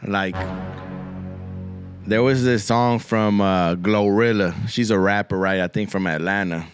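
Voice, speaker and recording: A man's voice: lowish voice, unhurried, faint music behind. A man hosting a podcast, rambling through a crude comic monologue full of swearing and Spanish slang, often repeating himself. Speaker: podcast host.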